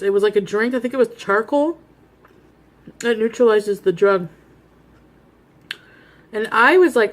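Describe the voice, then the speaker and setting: A woman's voice: medium pitch, moderate pace, long pauses. Woman eating through a confessional storytime. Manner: chatty and confessional, eating between sentences. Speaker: mukbang vlogger. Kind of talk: casual storytime while eating.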